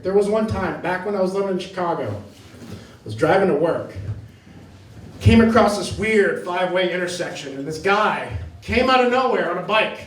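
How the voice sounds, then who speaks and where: His voice is high-pitched and expressive, moving at a moderate pace, as this Maine comic rambles through self-deprecating stories during a club stand-up set. Captured from a distance in an echoey room, it has slight background noise and audience laughter.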